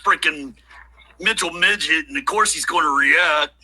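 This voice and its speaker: A man's voice: a little high, moderate pace, pushed and bright, husky, poor audio. A man chiming in on a livestream with crude, joking asides. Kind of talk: casual livestream chat.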